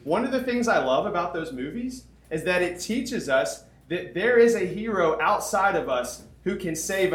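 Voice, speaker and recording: A man preaching to a camp crowd, telling a comic story with dramatic pauses, laughs and sudden shouts. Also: on the high side. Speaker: camp speaker. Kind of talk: storytelling sermon. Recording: echoey room, faint background noise.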